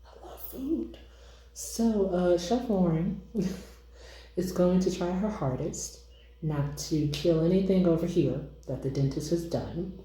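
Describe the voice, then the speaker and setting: A young woman chatting casually to viewers while cooking and tasting food in her home kitchen, excitable and informal. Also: fairly low pitch, slow pace, echoey room, low-quality recording.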